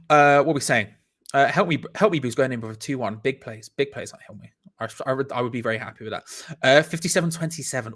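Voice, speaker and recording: A man's voice: mid-range voice, fairly bright tone. A man, hosting a live stream in an upbeat, chatty way and reading out viewers' comments. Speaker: host.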